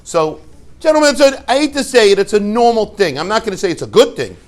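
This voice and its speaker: Rabbi guy giving a torah class, kinda high voice, tells stories n jokes, lots of "how do you like that?" type questions. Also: fast. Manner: animated storyteller, rhetorical questions, joking asides. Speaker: rabbi and yeshiva head. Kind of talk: informal Torah talk to a class.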